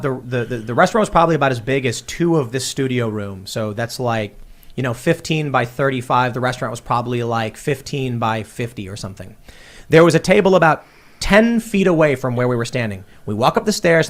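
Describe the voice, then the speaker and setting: A man in a studio, talking heatedly about politics, acting out quoted exchanges and rising to indignant outbursts. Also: mid-range voice. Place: studio room.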